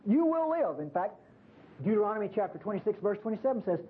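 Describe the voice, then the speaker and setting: Preacher guy talking casual sermon style, husky voice, tinny phone-line radio sound. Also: high voice, quick pace. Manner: animated, conversational preaching with repeated "see". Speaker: pastor.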